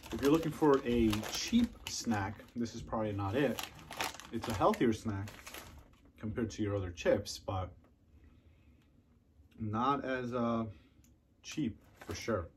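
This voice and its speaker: A man in a relaxed home taste-test video talks in an easy middle-pitched voice, pausing to chew and hum with approval. A steady hiss of noise sits under the whole recording. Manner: chatty, savoring, loud mm and oh yeah sounds while chewing. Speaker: food reviewer. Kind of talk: casual unboxing and taste review.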